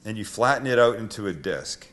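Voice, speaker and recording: A man's voice: lowish voice, lively intonation, brisk, a bit bright. A middle-aged man hosting a cooking show, chatting casually and joking at himself while he cooks in a kitchen. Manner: chatty, self-deprecating, joking.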